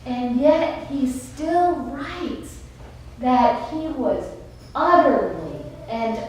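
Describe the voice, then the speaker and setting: A woman pastor preaches in a high voice at a very unhurried pace, leaning on dramatic pauses. Her words ring around a large echoey sanctuary, caught from a distance with a faint hiss underneath. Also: animated, darkish tone. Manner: emphatic, with dramatic pauses and storytelling. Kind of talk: sermon. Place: church sanctuary.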